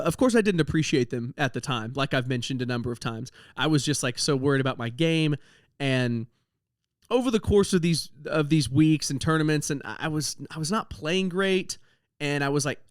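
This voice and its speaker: A man's voice: fairly high pitch, smooth, dry recording, studio quality. A young man hosting a podcast, telling a comedic story about his travels in a self-deprecating way, laughing at his own jokes. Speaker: podcast host.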